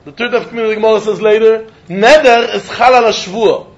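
A high-voiced Talmud teacher delivers a brisk study lecture, reasoning aloud in an animated sing-song that slips between English, Yiddish, and Hebrew terms. The recording sounds dull and lo-fi.

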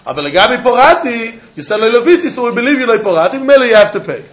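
A man with a high voice leads a Talmud lesson in an animated, back-and-forth way, laughing as he works through the argument. The recording is dull and lo-fi. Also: racing. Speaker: Talmud teacher. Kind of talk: Talmud lesson, lively explanation.

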